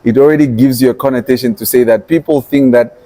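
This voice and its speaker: Warm-voiced man telling stories. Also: mid-range voice, fast. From Namibia. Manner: animated storyteller who acts out his own past thoughts in quotes. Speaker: entrepreneur and activist guest. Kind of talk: podcast interview storytelling.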